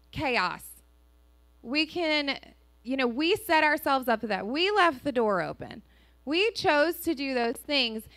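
Animated woman preaching with drawl. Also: high-pitched, no echo. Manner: animated storytelling, acts out dialogue. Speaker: pastor. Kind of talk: sermon with personal story. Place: church sanctuary.

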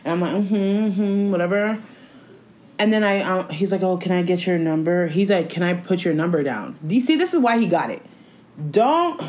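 A woman's voice: on the low side, fast talker, few pauses. A woman co-hosting a podcast, telling stories in casual slangy chat and acting out quoted lines. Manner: animated storytelling, slangy, acts out quotes. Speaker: podcast co-host.

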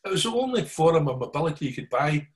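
Middle-aged Glaswegian man, slightly high voice, lively storyteller who keeps asking if you follow. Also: fast talker. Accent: Glaswegian Scottish. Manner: animated yarn-spinning, keeps checking in with listeners. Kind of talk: casual storytelling chat.

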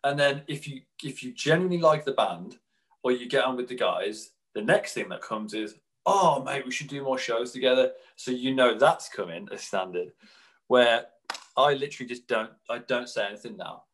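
A man co-hosting a podcast in casual chat, telling animated stories and slipping into quick mimicked voices of other people. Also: medium pitch, rough recording. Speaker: podcast co-host.

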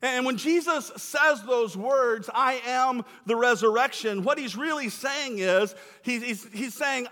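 A man's voice: very high voice, a little slow, few pauses, bright, forceful tone. A male pastor giving a sermon in a church sanctuary, talking in a conversational, emphatic way. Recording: long reverb of a church hall.

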